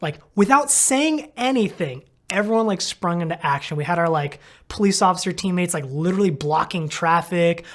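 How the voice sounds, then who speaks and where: A man's voice: sits high, animated, moderate pace, few pauses, a bit bright. Man rambling through a story. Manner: rambling, heavy on "like", acts out his own thoughts. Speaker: physical therapist and cyclist. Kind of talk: casual storytelling to camera.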